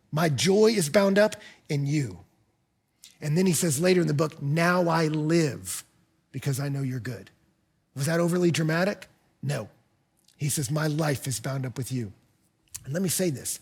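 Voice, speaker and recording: A man preaching in a church with a high, gravelly voice edged with husky breath. He delivers the sermon with passion, dropping to near-hushed phrases and then rising to loud, pressing emphasis. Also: animated, normal speed, pauses often. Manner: impassioned, swings between hushed and loud emphasis. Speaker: pastor.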